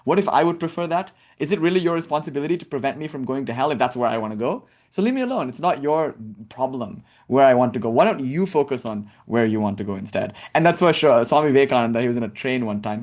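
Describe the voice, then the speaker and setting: A man giving a spiritual talk in a casual, animated way, with many fillers and sarcastic rhetorical questions. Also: medium pitch. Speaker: spiritual teacher. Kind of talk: impassioned talk.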